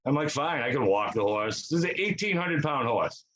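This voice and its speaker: A man's voice: mid-range voice, lively intonation, brisk, fairly bright tone, slight background noise, poor audio. A young man co-hosting a podcast, telling rambling stories in casual chat, swearing freely and acting out quotes. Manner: rambling storyteller, swears a lot, acts out quotes. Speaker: podcast co-host.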